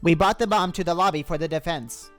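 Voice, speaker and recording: A man's voice: on the high side, fairly quick, fairly bright tone, faint music behind, natural voice. A man voicing a sleazy, smug male bomb expert, his voice pushed back into the throat.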